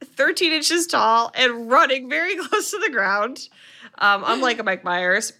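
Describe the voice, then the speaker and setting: A woman with a bright, slightly high voice walks through a film plot in casual podcast chat. She is animated and talky, full of fillers and restarts. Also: measured pace. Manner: chatty, animated retelling with filler words. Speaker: podcast co-host.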